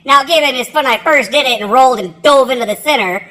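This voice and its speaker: A woman's voice: high voice, fast, very noisy. A woman telling a casual, rambling story about her own past, swearing freely and laughing at herself. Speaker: military veteran telling a story.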